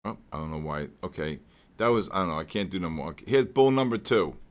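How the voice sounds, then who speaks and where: A man hosting a live trading stream, excitable and joking as he calls out market moves to his viewers. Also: deep voice, fast talker, slight background noise. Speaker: host of a live trading session.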